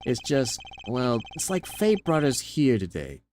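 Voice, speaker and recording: A man's voice: medium pitch, huge pitch swings, measured pace, darkish tone, slight background noise. A man voicing a cheeky male investigator with a brash, jokey way of talking. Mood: teasing.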